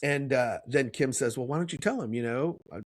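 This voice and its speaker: A man's voice: medium pitch, brisk, no echo. A middle-aged man, a podcast co-host, telling a story in casual chat and acting out the voices he quotes.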